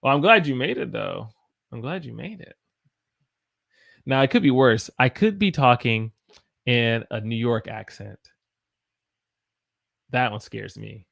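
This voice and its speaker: Man, Southern American accent, English teacher, live-streamed lesson, very slow speech, drawn-out example words. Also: medium pitch, lively intonation, gravelly, fairly bright tone. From Southern United States.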